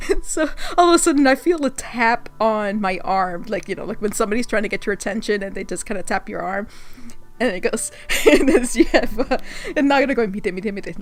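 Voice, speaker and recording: A woman vlogger telling a story in a casual way, laughing often and acting out the quotes. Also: mid-range voice.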